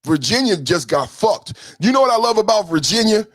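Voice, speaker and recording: A man hosting a podcast livestream, ranting profanely about politics with mocking, shouting, sing-song taunts. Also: high voice, sing-song, brisk, no room sound. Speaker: podcast host.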